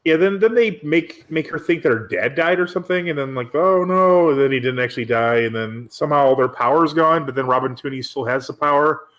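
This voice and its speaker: A man's voice: mid-range voice, brisk, hardly any pauses, fairly bright tone. A man co-hosting a casual movie-review podcast, recapping plots in a rambling, wry way with many fillers. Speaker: podcast co-host.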